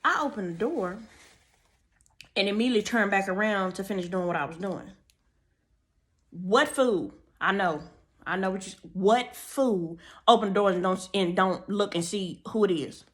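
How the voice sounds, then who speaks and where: A young woman telling a storytime tale to her viewers in a sassy, animated way, chatting through asides while she does her makeup. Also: medium pitch, moderate pace. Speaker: storytime vlogger. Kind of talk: casual storytime chat.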